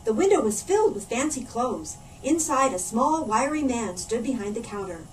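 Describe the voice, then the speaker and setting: A woman, a children's librarian, reading a storybook aloud in a playful, animated way. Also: fairly high pitch, normal speed. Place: library room. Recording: distant mic, faint room noise.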